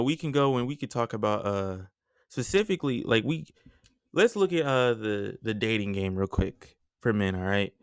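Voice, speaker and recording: Casting note: young male podcaster, smooth clear voice, dry close sound, slangy and animated. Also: mid-range voice, dry recording. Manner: animated, slangy storytelling with frequent asides. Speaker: podcast host. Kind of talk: casual podcast monologue.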